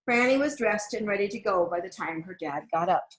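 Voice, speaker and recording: Gentle woman reading a picture book. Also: medium pitch, fairly quick. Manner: gentle, expressive storytelling. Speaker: storybook reader. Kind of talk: storybook read-aloud.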